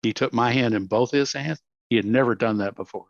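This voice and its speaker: A man in his seventies with a Texan accent, telling animated stories as an interview guest and acting out quotes. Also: medium pitch, a little fast, dry recording. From Texas, USA. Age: 70s. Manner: animated, acts out quotes, laughs often. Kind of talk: reflective storytelling. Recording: dull, dry audio.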